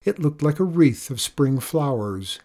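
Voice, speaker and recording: A storyteller reads a folk tale aloud with measured, expressive pacing. The voice is husky and sits at a middling pitch. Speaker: narrator. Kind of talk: storybook narration.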